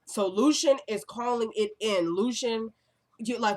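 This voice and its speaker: A woman talking to her own camera, recapping a TV episode in a chatty, excitable way full of asides. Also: fairly high pitch, brisk.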